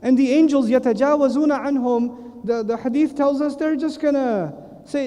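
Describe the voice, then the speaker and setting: A man delivers a religious lecture with a high, mellow voice. He talks in an animated storytelling way full of quick asides. His voice carries a long hall reverb. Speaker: Islamic lecturer.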